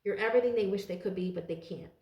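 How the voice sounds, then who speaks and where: A woman's voice: mid-range voice, very fast, highs cut off. A woman giving a casual tarot reading to her viewers, blunt and profane, rambling with lots of fillers. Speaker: tarot reader. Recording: roomy echo.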